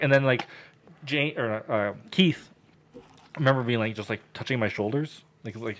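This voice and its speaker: A young man tells a story on a podcast in loose, casual chat. He swears constantly and jumps into loud, animated voices for the people in his tale. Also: mid-range voice, quick pace, noisy background. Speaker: podcast co-host telling a story.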